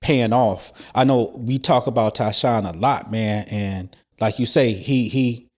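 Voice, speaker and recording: A man's voice: mid-range voice, measured pace. A man co-hosting a casual interview, setting up questions in an easygoing, slangy way. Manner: laid-back, slangy, leading questions with lots of fillers. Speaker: interview co-host.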